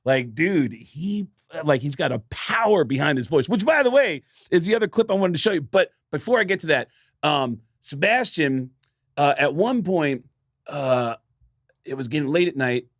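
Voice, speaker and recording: An animated man co-hosting a comedy podcast, telling stories and swearing freely in casual chat. His pitch swings a lot as he talks, and his voice sits slightly above average. The sound is close and dry. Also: moderate pace, dry recording.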